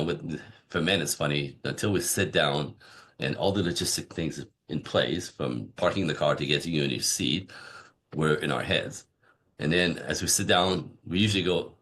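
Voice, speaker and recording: A man's voice: a bass voice, normal speed. A man, a relationship coach, talking casually on a podcast and acting out little dialogues from his stories. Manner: animated storyteller acting out dialogue. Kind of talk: conversational podcast interview.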